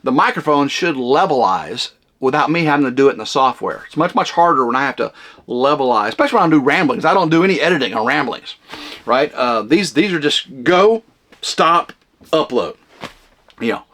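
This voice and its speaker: A man hosting a vlog, rambling casually at home in a camper cabin, loud and flamboyant with lots of fillers. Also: mid-range voice, lively intonation, a little fast. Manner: loud, big flamboyant talker. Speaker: vlog host.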